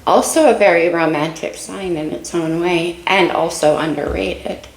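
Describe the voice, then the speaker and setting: Speaking at a normal speed in a somewhat low, creaky voice, this woman offers a relaxed tarot reading straight to her audience. Her manner is dreamy and reflective, and she sounds slightly breathless. It's a rough recording made in an echoey space.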